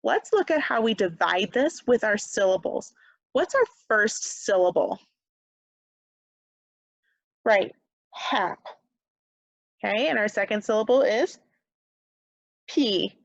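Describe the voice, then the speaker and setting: A woman teaching second grade phonics over video, slow and patient, pausing for the children to answer, with a slight Upper Midwest American accent. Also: mid-range voice, expressive, creaky, no room sound. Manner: slow, patient, encouraging, leaves pauses for answers. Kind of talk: remote phonics lesson. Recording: dull, dry lo-fi webcam sound.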